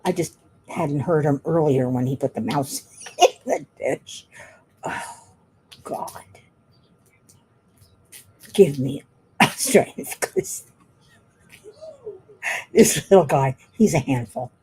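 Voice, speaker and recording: Slow, husky woman chatting while crafting. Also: deep voice, lively intonation, mellow. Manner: rambling, chatty, laughs often. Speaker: craft vlogger. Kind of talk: casual chat while crafting.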